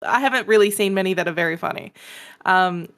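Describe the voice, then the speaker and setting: A woman's voice: medium pitch, quick pace, fairly bright tone, clear, resonant tone. A woman co-hosting a casual podcast, chatting with wry, dry humor. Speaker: podcast co-host.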